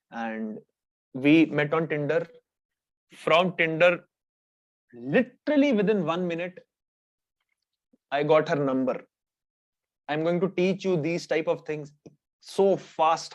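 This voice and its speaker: A man with an Indian English accent teaching dating tips in a brisk, animated coaching lesson, mixing Hindi slang into his English. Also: a little high, highs cut off.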